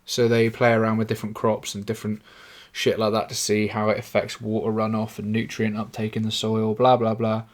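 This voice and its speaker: A man's voice: on the low side, completely flat delivery, fairly quick, few pauses. A young man with an English accent, talking in a rambling, self-mocking solo monologue with plenty of swearing. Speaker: podcaster. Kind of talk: casual monologue.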